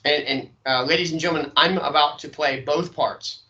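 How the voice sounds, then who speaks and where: A man's voice: fairly high pitch, fairly even intonation, normal speed, sharp tone, dull audio. A man teaching a sales training lecture, checking in often with "okay?" and demonstrating inflections.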